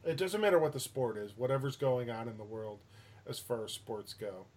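A man spinning a casual anecdote for a co-host, rambling through fillers and restarts and swearing freely. His voice sits at an ordinary middle pitch. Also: normal speed, a little mellow. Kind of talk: casual chat, storytelling.

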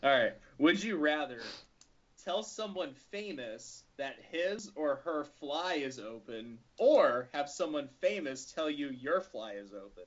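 A man's voice: a little high, very animated, unhurried, a bit bright. A man hosting a casual chat, reading out questions, laughing often and acting out little voices. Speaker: podcast host reading questions. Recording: dull lo-fi sound with faint noise.

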